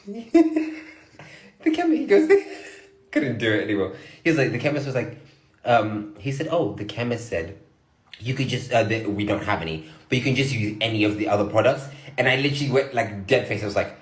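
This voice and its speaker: A man's voice: mid-range voice, lively intonation, fast, reverberant. A man telling a story to camera who acts out both sides of a conversation. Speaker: TikTok creator.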